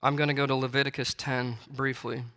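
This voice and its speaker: A brisk male preacher with a mid-range, pushed and bright voice that barely moves in pitch delivers a sermon in church. He reads King James scripture and escalates into emphatic repetition, with long hall reverb around him.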